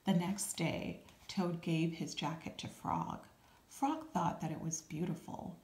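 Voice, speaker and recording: Woman storyteller for children, calm and very slow, a bit low, echoey room. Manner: calm, unhurried, with small asides. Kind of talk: reading a children's storybook aloud. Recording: roomy echo.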